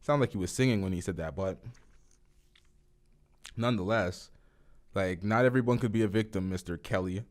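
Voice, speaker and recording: A man's voice: fairly low pitch, moderate pace, pauses often. A man hosting a podcast, giving blunt, profane, offhand reaction commentary. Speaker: podcast host.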